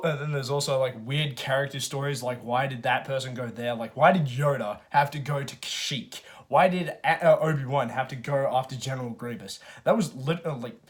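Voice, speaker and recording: A man giving a casual spoken film review, rambling with many restarts and fillers, and swearing freely. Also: mid-range voice. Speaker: movie reviewer.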